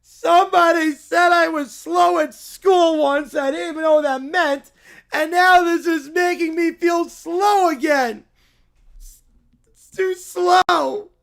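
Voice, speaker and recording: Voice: high voice, animated, moderate pace, gravelly, exaggerated voice. A voice doing a whiny bratty child. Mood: complaining. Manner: whiny, shouting complaints. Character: bratty demanding young child.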